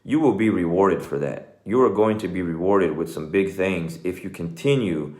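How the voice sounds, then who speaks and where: Deep-voiced coach in an echoey room. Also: male voice, normal speed, warm tone. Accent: Texan. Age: middle-aged. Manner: earnest, conversational, says "man" and "okay" often. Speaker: jiu-jitsu coach, show host. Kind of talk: motivational talk.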